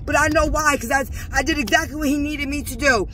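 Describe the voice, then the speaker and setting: Woman, vlogger, agitated, intense, preachy, very high-pitched. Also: fast talker, pushed and bright, slight background noise. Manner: agitated, intense, preachy, addresses viewers as y'all. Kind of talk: emotional first-person recounting to viewers.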